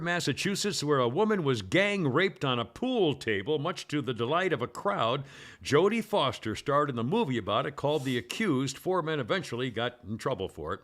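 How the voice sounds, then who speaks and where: Guy hosting talk radio, kinda high voice, rambles through history bits, lots of uhs. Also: fairly bright tone. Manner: rambling, hesitant with many uhs and restarts. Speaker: radio show host. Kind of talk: casual talk radio, reading this-day-in-history items.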